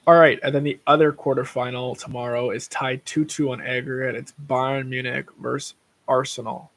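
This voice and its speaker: A man's voice: mid-range voice, little pitch movement, moderate pace, fairly bright tone. A young man hosting a casual livestream, rambling through tangents about sports bets and swearing freely. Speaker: livestream host.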